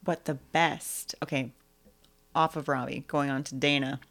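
Low-voiced woman chatting about movies. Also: a little slow. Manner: animated, acts out scenes in squeaky high voices. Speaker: podcast co-host. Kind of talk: casual movie chat.

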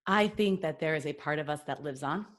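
A woman from New York, a podcast guest, telling a personal story in a chatty, animated way with lots of fillers and restarts. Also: low-pitched, a little fast. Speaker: podcast guest, business consultant. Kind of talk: casual storytelling.

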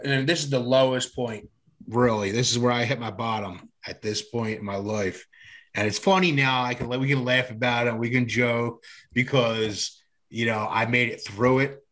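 A man recounting his past in loose, casual conversation. His voice sits at an ordinary middle pitch and stays plain. He wanders through the telling with lots of fillers, restarts and the odd curse. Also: steady tone, moderate pace, fairly bright tone. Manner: rambling, filler-heavy, frequent restarts and swearing. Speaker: guest sharing his recovery story. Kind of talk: casual personal storytelling.

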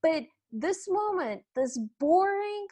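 A woman's voice: very high-pitched, animated, slow, dark tone. A woman co-hosting a podcast, recapping a film in casual chat with a wry, mocking tone. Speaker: podcast co-host.

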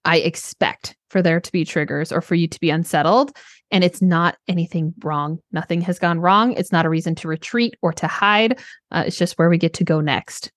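Woman, coach, podcast co-host, earnest, animated, slightly low voice, dry close sound. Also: moderate pace, dry recording. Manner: earnest, animated, acts out quotes. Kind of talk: casual podcast conversation.

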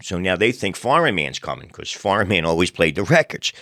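A man hosting a podcast, telling funny stories in a relaxed, animated way. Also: low voice, a little fast, no room sound, studio quality. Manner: animated storyteller, acts out crowd voices. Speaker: podcast host. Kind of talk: casual storytelling chat.

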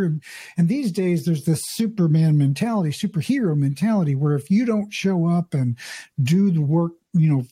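A man's voice: on the high side, animated, normal speed, mellow, husky. A man hosting a podcast interview, speaking reflectively and hesitantly with frequent restarts. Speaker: podcast host. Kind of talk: conversational interview.

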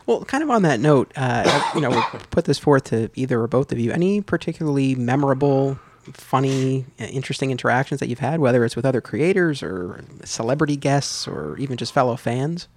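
A man's voice: mid-range voice, expressive, a little fast, a little hiss or hum. A man interviewing guests in a casual chat, asking friendly questions.

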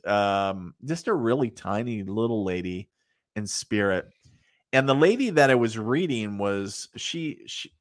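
A man's voice: lowish voice, dry recording, clean studio sound. A middle-aged man, a psychic medium, telling stories in a casual, rambling way, with many fillers and asides, laughing at his own tales. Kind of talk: casual storytelling in an interview.

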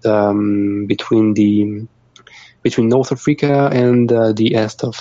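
Brief: young French-accented man, low mellow voice, dry dull sound, halting guest. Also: flat delivery, no echo. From France. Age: young adult. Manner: halting, restarts often, laughs easily. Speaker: guest musician. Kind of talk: casual interview chat.

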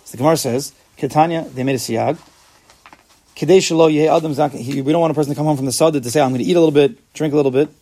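A man's voice: on the high side, rapid-fire, dark tone. A man teaching an informal Talmud class, explaining step by step and asking and answering his own questions.

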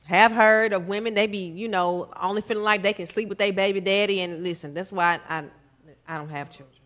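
A man on a podcast panel in casual group chat, speaking in a low-key, dry, measured way. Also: steady tone, sharp tone.

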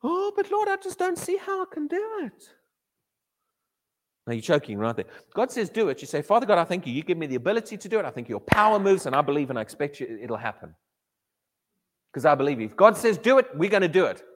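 A man preaching a sermon in an animated way, often repeating his words and acting out quotes. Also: on the high side, fast. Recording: echoey hall reverb.

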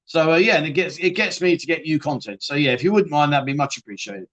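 This man runs a live-stream chat show in a casual, rambling way. He is blunt and chatty and swears freely, and he often restarts mid-sentence as he answers viewers. His voice sits a little higher than most men's. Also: fast, fairly bright tone.

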